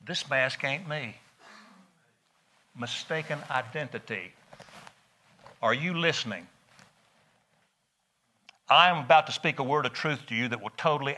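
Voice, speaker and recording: A middle-aged man, preaching a sermon in a folksy, animated storytelling way. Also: medium pitch. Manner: folksy, animated storytelling with laughs and rising emphasis.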